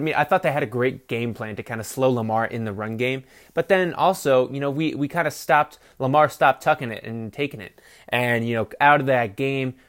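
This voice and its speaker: Profane, rambling sports podcaster. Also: male voice, medium pitch, fairly bright tone. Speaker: podcast host. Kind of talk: casual sports commentary. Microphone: phone.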